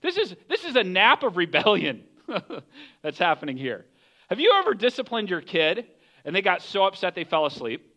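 Animated high-voiced male pastor preaching. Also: moderate pace. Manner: animated storytelling, acts out voices of characters. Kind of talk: sermon.

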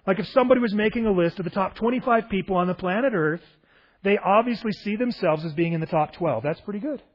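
Husky man preaching a casual sermon. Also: high-pitched, fast, highs cut off. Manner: conversational, animated, asks rhetorical questions. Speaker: pastor.

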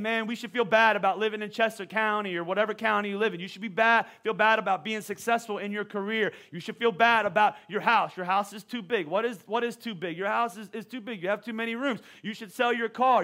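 A middle-aged male pastor preaching a sermon, telling a funny personal story with lively, self-deprecating humor. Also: sits high.

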